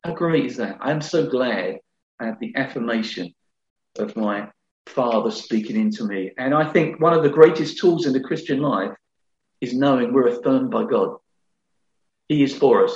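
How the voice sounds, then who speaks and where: A middle-aged pastor preaches earnestly and conversationally, often restarting his phrases. His voice is medium-pitched and darkish, with lively intonation at a moderate pace, recorded in an echoey hall with slightly dull sound.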